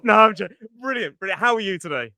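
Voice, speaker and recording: A British man hosting an English-learning podcast, chatting casually and explaining vocabulary clearly. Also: high voice, lively intonation, quick pace, sharp tone, no echo, studio quality. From England. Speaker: podcast host and English teacher. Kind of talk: casual educational podcast chat.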